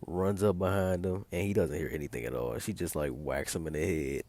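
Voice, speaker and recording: A man's voice: deep voice, fairly quick, creaky, a little mellow, no room sound. A man casually recapping a TV episode, rambling and packing his talk with filler words as he retells scenes. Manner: rambling, heavy use of filler like "like" and "or whatever"; retells scenes by quoting characters in his own plain voice. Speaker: video host recapping a TV episode.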